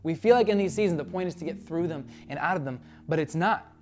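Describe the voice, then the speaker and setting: A man's voice: fairly high pitch, fast, darkish tone, faint music behind. A young man preaching a sermon as a pastor, earnest and conversational, reading scripture with feeling and acting out prayers.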